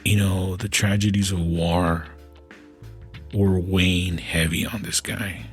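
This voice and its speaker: A man hosting a podcast, telling stories in a casual and halting way with many fillers and restarts. His voice sometimes turns soft and emotional. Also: sits low, level tone, faint music behind. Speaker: podcast host. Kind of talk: casual storytelling.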